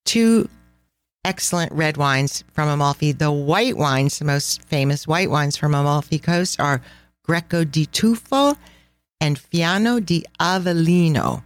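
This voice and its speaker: Enthusiastic woman podcast host, lowish voice. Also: a little slow, no echo. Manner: enthusiastic, laughs often, sprinkles in Italian phrases. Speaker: podcast host and travel planner. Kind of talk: casual travel podcast chat.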